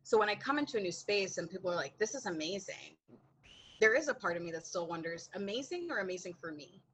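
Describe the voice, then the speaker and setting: A woman's voice: mid-range voice, fast, slight background noise, rough recording. A woman as a podcast guest, telling a candid story with lots of acted-out dialogue and frequent laughter. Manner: animated, acts out quoted dialogue, laughs often.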